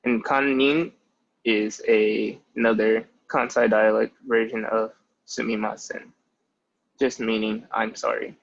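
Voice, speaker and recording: Young man with a gravelly fry. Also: lowish voice, level tone, slow pace. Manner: explains step by step, leaning on "so" and "basically". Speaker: language tutor. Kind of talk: casual spoken lesson. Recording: muffled lo-fi audio.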